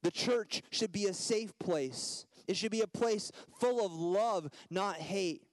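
A man in his thirties preaching a sermon as a guest speaker, swinging between loud emphatic lines and soft hushed ones. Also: sits high, takes it slowly, no room sound, rough recording.

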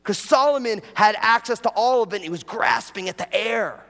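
A man's voice: sits high, normal speed, vocal fry, a bit bright, long reverb tail. A man preaching a sermon as pastor, talking casually and drawing the congregation in with prompts and jokes.

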